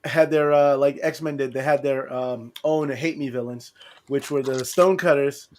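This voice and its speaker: A man co-hosting a casual podcast chat, profane and animated, acting out quotes in a raised voice. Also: mid-range voice, normal speed. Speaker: podcast co-host.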